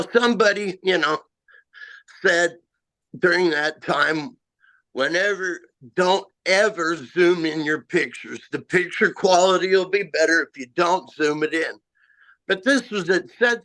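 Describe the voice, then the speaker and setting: A man with a slightly high, bright, forward voice recounts his own encounter. He speaks slowly and haltingly, with "you know" and "uh" scattered through his rambling story. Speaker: eyewitness guest. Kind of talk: first-person encounter story.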